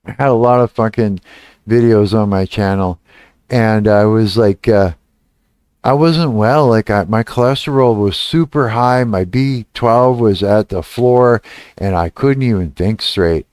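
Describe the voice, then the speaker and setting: A middle-aged man on a casual livestream, chatting with his viewers in a rambling, profane way, trailing off and restarting, and laughing as his pitch climbs when he gets worked up. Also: unhurried, a little mellow, smooth, dry recording. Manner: laughs and rises in pitch when retelling anger. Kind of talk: casual livestream chat, answering chat.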